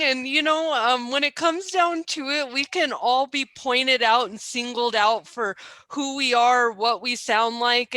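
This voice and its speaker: A woman's voice: high voice, sharp tone, no echo. A woman talking chattily and with emphasis on a conference panel. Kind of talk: casual panel talk.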